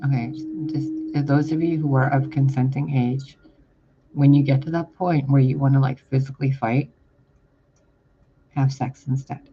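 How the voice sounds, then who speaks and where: A spiritual reader with a mid-range voice, level tone and normal speed delivers a casual channeled spiritual message. He rambles, stays blunt and swears casually, on dull lo-fi audio with loud background noise.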